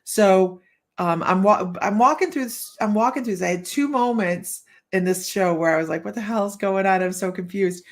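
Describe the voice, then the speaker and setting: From her room at home with the window open, a woman psychic hosts a live stream in a mid-range voice at a moderate pace. She chats casually and tells stories, acting out what people said and laughing often.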